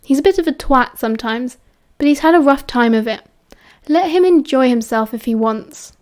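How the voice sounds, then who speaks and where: A woman's voice: sits high, expressive, moderate pace. A woman with a British accent voicing a cheerful, teasing teenage schoolboy wizard who talks in a breezy, chatty way. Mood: cheery teasing.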